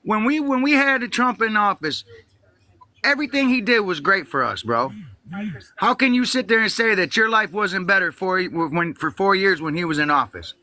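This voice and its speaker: A man calls in to a live stream and argues heatedly. His voice is high and sharp. He rants without pause and keeps talking over the host. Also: animated. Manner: ranting, talks over the host. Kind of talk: heated political argument.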